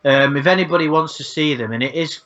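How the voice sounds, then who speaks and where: A man's voice: fairly high pitch, fast, a bit bright. Rambling man, lo-fi sound. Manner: rambling, frequent swearing, repeats words. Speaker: channel host. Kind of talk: casual podcast chat. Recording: dull lo-fi sound.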